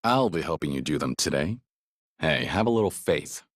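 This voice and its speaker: Stoic game ex-yakuza, super deep voice, plain steady talk, dry booth sound. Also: male voice, normal speed, no echo. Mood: encouraging. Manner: plainspoken, steady, low-key. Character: stoic middle-aged male ex-yakuza, gruff and kind. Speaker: voice actor. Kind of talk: video game dialogue.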